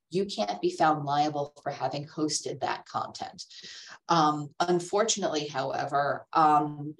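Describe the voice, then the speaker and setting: Woman, low pitch, voice going hoarse, lecturing webinar, video call audio. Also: distant mic, low-quality recording. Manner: explanatory, steady lecturing with many ums. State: losing her voice after illness. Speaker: speaker on art law. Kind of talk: webinar presentation.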